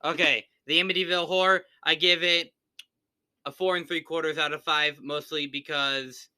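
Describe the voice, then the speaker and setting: Bright-voiced man ranting on a casual unboxing. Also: a little high, normal speed, smooth, dry recording. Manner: animated, rants on tangents. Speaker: co-host of unboxing channel.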